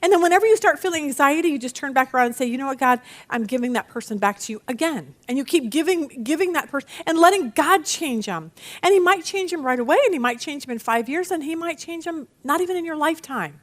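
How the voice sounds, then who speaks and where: High-voiced woman teaching a Bible lesson. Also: fast. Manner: animated teaching with dramatic read-aloud voices.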